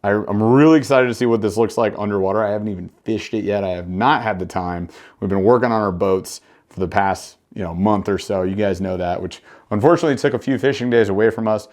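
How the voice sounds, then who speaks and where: A man hosting a fishing channel, chatting casually and excitedly as he reviews lures, full of slang and jokes. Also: lowish voice, fast. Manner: enthusiastic, slangy, joking.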